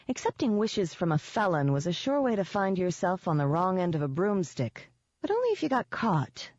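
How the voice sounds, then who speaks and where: Low-voiced woman narrating an audiobook. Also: big pitch swings, moderate pace, a little mellow, dry recording. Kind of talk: first-person fiction narration. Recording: dull dry lo-fi audio.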